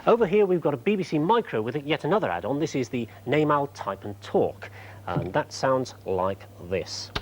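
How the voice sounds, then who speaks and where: A man demonstrating gadgets on a TV show in a relaxed, chatty way. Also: medium pitch, moderate pace, a little hiss or hum.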